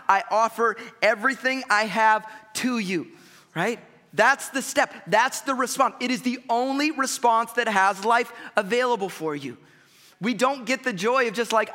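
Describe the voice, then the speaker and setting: A man's voice: very high-pitched, pushed and bright. A pastor preaching a sermon to his congregation, talking to them directly and emphatically. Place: church sanctuary. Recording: long reverb of a church hall.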